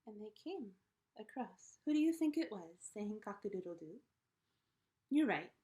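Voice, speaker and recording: A teacher telling a story to children in an expressive way, dropping into whispers at times. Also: female voice, mid-range voice, normal speed, rough recording. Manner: animated, expressive, drops to whispers.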